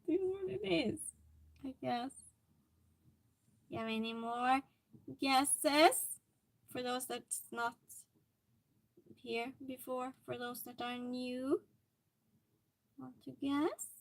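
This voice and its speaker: High-voiced, unhurried woman streamer. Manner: chatty, reacting to chat comments aloud. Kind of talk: casual live-stream chat.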